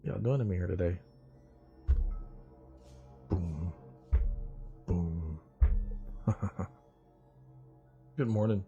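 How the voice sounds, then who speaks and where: A man hosts a loose morning livestream and talks straight to his viewers. His voice sits low and sounds mellow and warm. He rambles, teases his regulars and drops casual profanity, with faint music playing in the background. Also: unhurried, creaky, pauses often, lo-fi sound. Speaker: livestream host.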